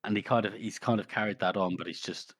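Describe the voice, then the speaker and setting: A man's voice: on the low side, fairly even intonation, fast talker, a bit bright, dry recording, clean studio sound. A man co-hosting a book podcast, chatting casually with hedging asides. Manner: rambling, hedging with "you know" and "I reckon". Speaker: podcast co-host.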